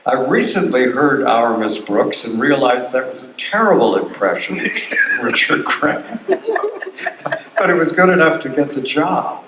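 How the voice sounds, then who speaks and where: A man's voice: medium pitch, lively intonation, moderate pace, very noisy. An older man, a voice actor guest at a convention panel, telling wry stories and acting out quotes. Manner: wry storyteller who acts out quotes. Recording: roomy hall, voice from a distance.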